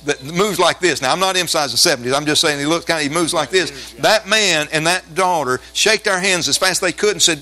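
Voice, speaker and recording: Fast-talking, bright-voiced male preacher. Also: high-pitched, a little hiss or hum, rough recording. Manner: animated, folksy storytelling that builds to shouted exhortation. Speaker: pastor. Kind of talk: storytelling sermon with call-and-response. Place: church.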